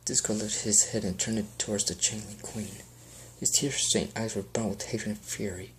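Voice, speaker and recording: A man's voice: on the low side, brisk, slight background noise. A man earnestly reading fan fiction aloud as an amateur audiobook, with small slips.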